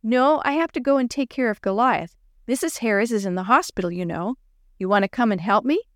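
An eager young schoolgirl from a children's storybook, voiced by a woman reader. She sounds bright and a little higher than the narration. The recording is close and dry. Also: brisk, dry recording, natural voice.

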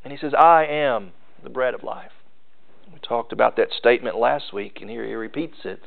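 A pastor preaching a sermon in an earnest manner, repeating phrases and shifting emphasis. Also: male voice, mid-range voice, moderate pace, vocal fry. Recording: phone-like narrow sound.

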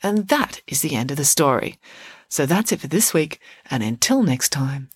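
A woman storyteller giving an expressive, animated bedtime story narration. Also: low voice, normal speed.

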